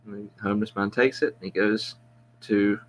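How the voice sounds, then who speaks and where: A man's voice: on the low side, flat delivery, moderate pace, slight background noise, poor audio. A man hosting a casual quiz chat, telling a long shaggy-dog joke in a meandering, self-interrupting way. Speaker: quiz show host. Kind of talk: rambling joke-telling among friends.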